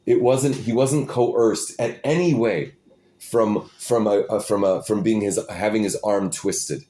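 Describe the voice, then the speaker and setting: A man leads an informal Torah class, halting and restarting his phrases while sprinkling his English with Hebrew and Yiddish terms. His voice is fairly low and mellow.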